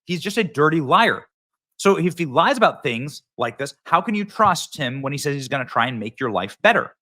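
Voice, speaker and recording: A man's voice: on the high side, sing-song, a little fast, sharp tone. A man hosting a political commentary show, talking in a mocking, punchy, sarcastic way.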